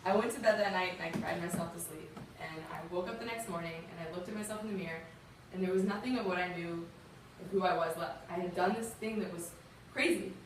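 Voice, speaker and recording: A woman's voice: medium pitch, a little hiss or hum. A young woman from the American South telling a personal story to a youth audience, earnest and emotional, talking casually with fillers. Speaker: guest speaker. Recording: distant mic in a very echoey room.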